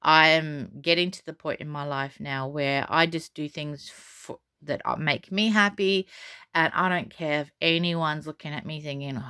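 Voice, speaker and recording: A woman's voice: low-pitched, steady tone, normal speed, pushed and bright, clear, resonant tone, no room sound, studio quality. A middle-aged woman telling a story for her vlog in a chatty, rambling way, full of restarts and fillers, and defiant about what others think. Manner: defiant, unbothered. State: frog in her throat. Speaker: vlogger.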